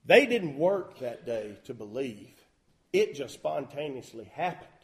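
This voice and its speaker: A man preaching a sermon as a pastor, folksy and emphatic with loud bursts. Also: mid-range voice, very animated, unhurried. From Southern US.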